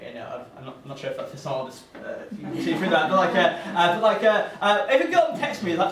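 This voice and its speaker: A man's voice: high-pitched, sing-song, fast, few pauses, a bit bright. A young man doing a live stand-up set, rambling and self-deprecating, full of fillers. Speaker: stand-up comedian. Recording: echoey room, mic from far off.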